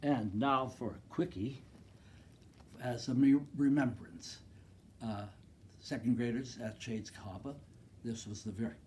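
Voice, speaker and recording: A man reading a picture book aloud to second graders, expressive and talking to the children directly about the pictures. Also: medium pitch, a little slow, long pauses, a little hiss or hum. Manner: expressive, makes loud animal noises.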